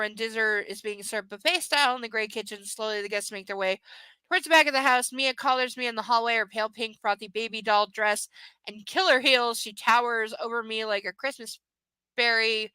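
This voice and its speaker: A woman's voice: fairly high pitch, sharp tone, clear, resonant tone, no echo, rough recording. Sarcastic woman reading aloud. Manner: sarcastic, swears, mocks the text. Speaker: reader of a novel. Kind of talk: live reading with sarcastic commentary.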